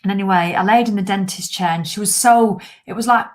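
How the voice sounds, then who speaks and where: Woman in her 50s rambling on a live chat, swears a lot, medium pitch. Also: brisk. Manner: chatty, rambling, swears for laughs. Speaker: livestream host. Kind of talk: casual live chat to viewers.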